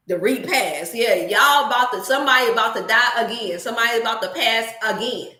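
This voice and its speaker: A woman's voice: medium pitch, normal speed, pushed and bright, reverberant. A woman host telling a funny story in a casual livestream, laughing often and slipping into preachy asides. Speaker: wellness channel host.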